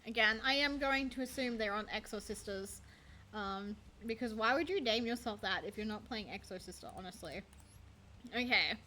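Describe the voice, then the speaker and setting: A woman's voice: mid-range voice, normal speed, bright, forceful tone, a little hiss or hum. A young woman streaming a card game, chatting in a rambling, self-deprecating way and swearing casually. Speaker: VTuber streamer. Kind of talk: casual gaming stream chat.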